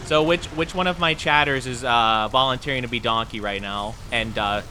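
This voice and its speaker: A man's voice: medium pitch, moderate pace, bright, forceful tone, slight background noise. A man streaming a game, chatting casually with his viewers in playful, self-deprecating banter. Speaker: gaming streamer. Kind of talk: casual live-stream chat while gaming.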